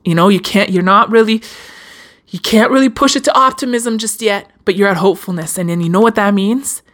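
A woman hosting a casual self-help podcast, speaking straight to her listeners with lively swings in pitch and the odd swear word. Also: fairly quick. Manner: animated, swearing, addresses listeners directly. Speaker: podcast host. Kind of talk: motivational self-help talk.

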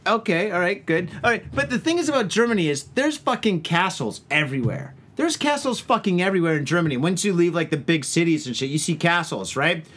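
Man, podcast host, crude swearing storyteller, casual banter, high voice. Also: expressive, a little fast, few pauses, a bit bright. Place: home, indoors.

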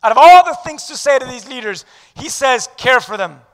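A man preaching a sermon as pastor, emphatic and swinging from loud declarations to hushed lines, calling on the congregation to repeat after him. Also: extremely high pitch, lively intonation, brisk, clean tone, in a large hall. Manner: leads the audience in call-and-response.

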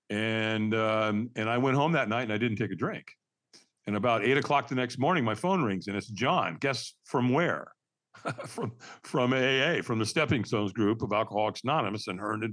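A man in his sixties, a podcast guest, tells a candid personal story in an animated, emphatic way and laughs through hard memories. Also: medium pitch, normal speed.

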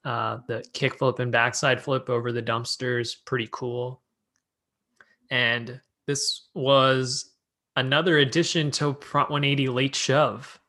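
A man with a bright, clear voice hosts a relaxed podcast chat. He works through his notes on a skate video in a loose, jokey way. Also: medium pitch, slow. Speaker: podcast host.

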